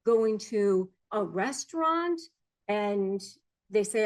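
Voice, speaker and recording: A woman's voice: mid-range voice, lively intonation, takes it slowly. A middle-aged woman giving earnest advice to camera as a coach, explaining behaviors and mimicking phrases people say. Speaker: narcissism negotiation coach.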